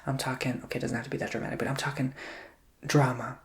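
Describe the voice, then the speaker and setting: Gravelly guy doing an asmr tarot reading, kinda monotone pitch, dramatic chatter slipping into whispers. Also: fast. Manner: chatty and theatrical, dropping to whispers.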